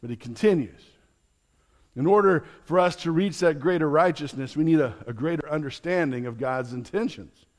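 A man's voice: fairly high pitch, moderate pace. A man, a pastor, preaching a sermon in an earnest, explanatory teaching manner with light chuckles.

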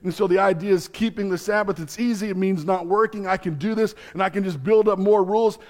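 A man's voice: high voice, steady tone, quick pace. A man, a pastor, preaching a sermon in an earnest, explanatory teaching manner with light chuckles.

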